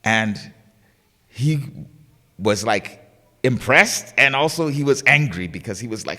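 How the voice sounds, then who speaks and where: A man's voice: mid-range voice, lively intonation, unhurried, long pauses, sharp tone, long reverb tail. A man giving a religious lecture, telling a story and acting out the voices in the quotes. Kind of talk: sermon. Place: lecture hall of a learning center.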